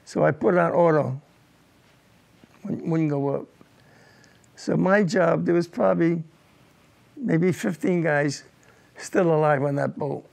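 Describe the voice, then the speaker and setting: An older man, a war veteran, telling his combat memories in an oral history interview, halting and repeating words as he goes. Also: fairly high pitch, creaky, a little mellow.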